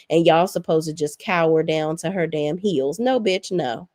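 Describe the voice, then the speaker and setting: A woman's voice: on the low side, darkish tone, no echo, clean studio sound. A woman in her forties recapping reality TV in a sassy, profane, blunt way. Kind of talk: casual recap commentary.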